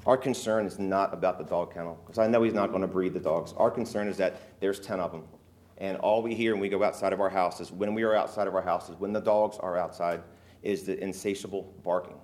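Deep-voiced man giving halting testimony. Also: fairly even intonation, darkish tone. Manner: earnest, halting with many fillers. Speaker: resident speaking at a public hearing. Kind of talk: emotional testimony.

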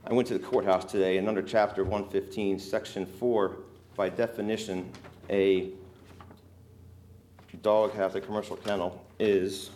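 Man, very low voice, resident testifying at a hearing, earnest, halting with fillers. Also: level tone, a little mellow, a little hiss or hum. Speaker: resident speaking at a public hearing. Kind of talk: emotional testimony.

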